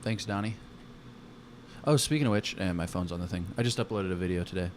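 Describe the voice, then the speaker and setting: A man's voice: low-pitched, fairly quick, a little hiss or hum. A man co-hosting a casual comedy podcast, teasing his partner with crude, blunt jokes. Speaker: podcast co-host.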